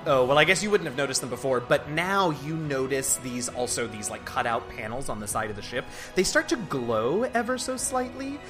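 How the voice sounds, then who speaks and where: A man running a tabletop game as game master, narrating with playful asides and frequent laughter. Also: on the high side. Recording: podcast with music underneath.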